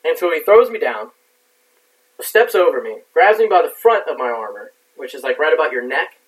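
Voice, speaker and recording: A man's voice: on the high side, big pitch swings, normal speed. A man telling a war story in casual talk, rambling and swearing with lots of fillers. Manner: profane, rambling with many fillers. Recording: distant mic.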